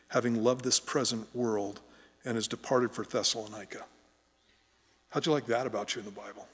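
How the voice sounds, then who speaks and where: A middle-aged pastor with a mid-range, slightly bright voice preaches a sermon in a church sanctuary, conversational and joking, often restarting sentences. The recording carries the long reverb of a church hall.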